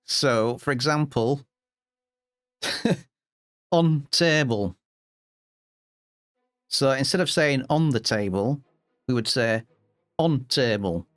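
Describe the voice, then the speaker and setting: A man with a Yorkshire accent chatting casually to his viewers, chuckling and pausing with lots of ums. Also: mid-range voice, a bit bright, dry recording, clean studio sound. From Yorkshire, England. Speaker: gaming YouTuber. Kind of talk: casual explainer talk to camera.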